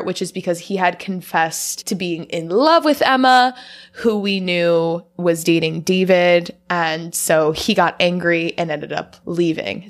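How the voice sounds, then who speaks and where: A woman co-hosting a podcast, recapping a horror movie in casual chat and often laughing along. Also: on the low side. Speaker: podcast co-host.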